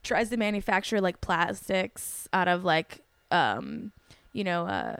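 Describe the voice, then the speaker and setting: Giggly rambling woman, smooth voice. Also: on the low side, very animated, a little slow, a bit bright, no room sound. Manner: rambling, giggly, lots of fillers. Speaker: comedian guest. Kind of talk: casual podcast chat.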